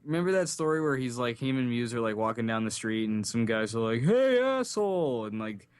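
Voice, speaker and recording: A man's voice: medium pitch, fairly even intonation, quick pace, clean tone, no room sound. A man co-hosting a podcast in casual chat, laid-back and dropping wry quips. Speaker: podcast co-host.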